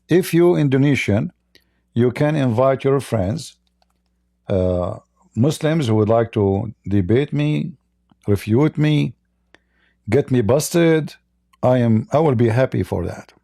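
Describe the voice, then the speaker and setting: A man hosting a livestream debate, talking casually in a slow, halting, mocking way. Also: medium pitch, vocal fry, mellow, dry recording, studio quality.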